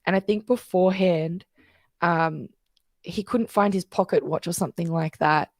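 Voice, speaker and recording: A woman's voice: on the low side, moderate pace, dry recording, studio quality. A woman guest coach explaining things in casual interview chat, telling stories and acting out the voices she quotes.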